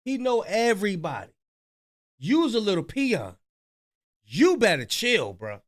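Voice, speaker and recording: A man's voice: sits high, big pitch swings, a little slow. A man throwing in teasing side comments with mock warnings and slang.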